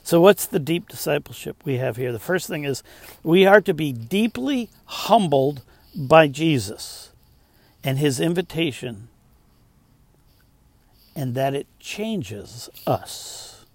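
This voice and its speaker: A man preaching from the pulpit in a gravelly, slightly higher voice. He swings between forceful emphasis and hushed, slowed phrases. The sound is dry and close, with little room echo. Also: animated. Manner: preaching with emphatic rises and soft, slowed drops. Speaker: pastor. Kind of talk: sermon.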